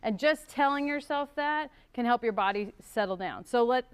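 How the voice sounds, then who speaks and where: A woman's voice: a little high, normal speed, smooth. A woman therapist teaching a couples workshop at a church, talking conversationally and acting out little examples. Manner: conversational, acts out examples with gasps and sighs. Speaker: marriage and family therapist teaching a couples class. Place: church hall.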